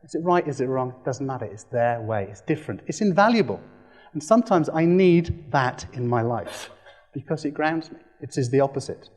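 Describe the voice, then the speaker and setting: A man giving a lively training presentation, playful and animated, acting out quick quoted voices. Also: medium pitch. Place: presentation room.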